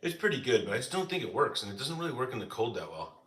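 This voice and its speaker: A man's voice: mid-range voice, very animated, racing, a bit bright, roomy sound. A man hosting a casual live stream from the United States, chatting with viewers and answering their comments, with lots of "like" fillers. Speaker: live-stream cooking host.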